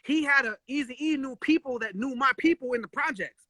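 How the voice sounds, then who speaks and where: A high, very bright male voice telling animated, slangy stories in a casual live chat, swearing freely and acting out the people he quotes. The sound is close and dry, captured on a phone. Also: brisk, dry recording. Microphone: phone live stream.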